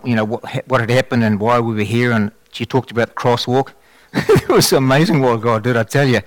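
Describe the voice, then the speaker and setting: Animated New man preaching testimony. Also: medium pitch, dry recording. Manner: animated storytelling with many restarts. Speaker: lay preacher giving testimony. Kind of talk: sermon testimony.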